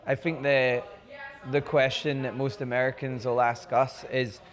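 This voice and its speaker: A man with a Scottish accent, a guest on a casual podcast, telling animated stories and acting out dialogue. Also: medium pitch, a little slow. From Crieff, Scotland. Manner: animated storyteller, acts out quoted dialogue. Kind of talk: casual conversation. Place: bar, live recording.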